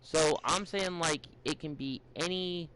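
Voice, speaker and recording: A man's voice: a little high, unhurried, a bit bright, slight background noise, poor audio. A young man hosting a casual podcast, rambling and giving advice with many fillers, restarts and stutters. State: a bit out of it, stuttering.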